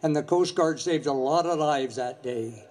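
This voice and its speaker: An older man giving an earnest, measured memorial speech, telling a story from his years commanding a Coast Guard station. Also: on the high side, a little mellow.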